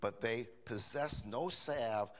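A man's voice: medium pitch, slow pace, a bit bright. An older man preaching a sermon in a folksy, repetitive way, often asking the congregation rhetorical questions. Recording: reverberant hall.

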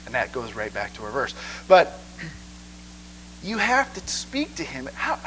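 A man preaching a sermon in an animated way, often checking in with listeners. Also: a little high, a little slow, creaky, pauses often, a little hiss or hum, rough recording. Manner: animated, asks the crowd 'okay?' a lot.

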